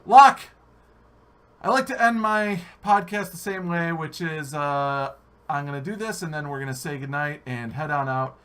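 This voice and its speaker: An American man hosting a live-stream podcast, animated and jokey, swearing freely. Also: on the high side, moderate pace, clean tone. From United States. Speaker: podcast host. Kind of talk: casual live-stream chat.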